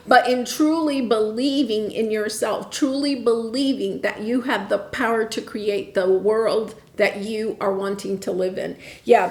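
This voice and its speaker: A woman's voice: a little high, echoey room. A woman giving a casual, encouraging tarot reading, often checking in with "right?" and "okay?". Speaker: tarot reader.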